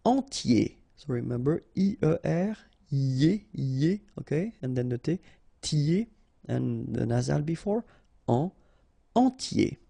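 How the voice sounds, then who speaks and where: A native French-speaking man with a French accent, a teacher running a pronunciation drill who slowly and patiently repeats and spells out each word. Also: a little high, big pitch swings, vocal fry, mellow, no echo. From France.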